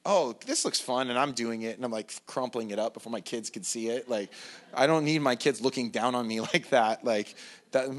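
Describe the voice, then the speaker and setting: A man's voice: medium pitch, fairly even intonation, a little fast. A male pastor preaching a sermon in a conversational, self-deprecating way, with mocking asides. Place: church.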